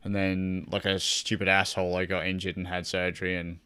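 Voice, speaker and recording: A man's voice: deep voice, completely flat delivery, brisk, bright, forceful tone, clear, resonant tone. A young man chatting casually with his stream viewers, rambling, swearing a lot and laughing often. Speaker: gaming streamer.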